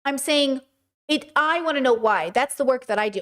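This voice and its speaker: A woman from Southern California hosting her podcast, delivering blunt, fast commentary that slips into swearing rants. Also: sits high, sing-song. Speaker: podcast host. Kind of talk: casual commentary.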